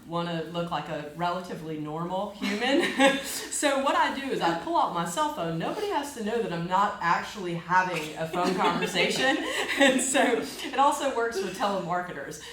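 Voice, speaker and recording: Upbeat woman leading laughter exercises. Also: fairly low pitch. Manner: upbeat, encouraging, frequent laughter. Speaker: laughter yoga instructor. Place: large room with a group. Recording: echoey room with background noise.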